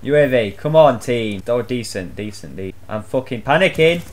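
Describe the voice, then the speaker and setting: A young man giving loud, swear-filled live commentary on his own gameplay, shouting out reactions as he plays. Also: mid-range voice, expressive, moderate pace. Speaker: gaming channel host.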